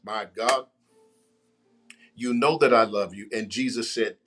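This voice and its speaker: Speaking slowly with long pauses, this man preaches in a fairly bright, medium-pitched voice. He repeats phrases and calls out to the congregation, with faint music in the background.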